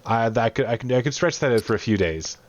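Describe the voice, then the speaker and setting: A man's voice: medium pitch, expressive, fast, no room sound, highs cut off, natural voice. A man voicing a frightened woman cook in a tabletop game, anxious and eager to trade. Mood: pleading. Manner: anxious, pleading, fluttery.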